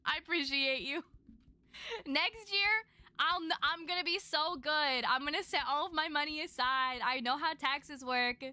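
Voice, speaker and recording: High-voiced chatty young woman streamer. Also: measured pace, bright, forceful tone. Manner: chatty and effusive, laughs often. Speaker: livestreamer. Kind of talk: casual livestream chat. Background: music playing behind.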